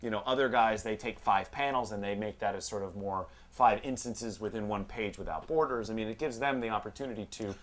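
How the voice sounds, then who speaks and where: A man's voice: fairly low pitch, brisk, few pauses, a bit bright. A man in a casual podcast chat lays out a topic in long, winding explanations. His talk is packed with fillers like "you know" and "like.". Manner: explains at length, many fillers. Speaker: podcast co-host.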